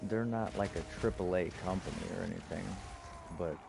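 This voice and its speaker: A man's voice: sits low, steady tone, normal speed, gravelly, background noise. A man streaming in casual gaming chat, rambling and profane, restarting his sentences often.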